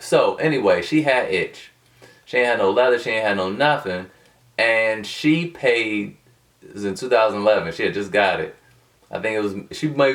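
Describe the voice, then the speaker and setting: A man talking casually and unscripted to his viewers, in a loose, colloquial, digressive way. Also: lowish voice. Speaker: vlogger. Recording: distant from the mic.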